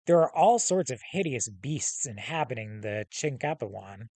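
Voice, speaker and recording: A man's voice: medium pitch, lively intonation, a little mellow, no room sound. Xolotl, a man reading as a hellhound guardian. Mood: formal, assured. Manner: measured, formal speech with slow, stressed titles. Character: huge scarred male hellhound, calm and commanding.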